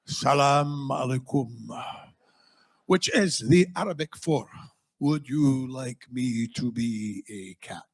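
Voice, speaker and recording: A man impersonating a solemn, grandiose male political orator, speaking slowly and portentously. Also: mid-range voice, voice pushed down.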